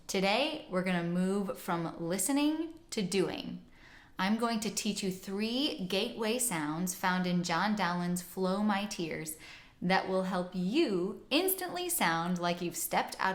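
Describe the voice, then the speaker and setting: A woman teaching pronunciation, talking through lessons and modelling sounds with clear, exaggerated vowels. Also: medium pitch, lively intonation, a little slow. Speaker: singing teacher and host. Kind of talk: instructional lesson with spoken demonstrations. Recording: roomy echo.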